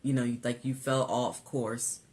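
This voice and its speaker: A woman co-hosting a casual weight-loss vlog, animated and laughing, tired from a busy week. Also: measured pace. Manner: animated, laughing, rising pitch when exasperated. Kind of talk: casual chat.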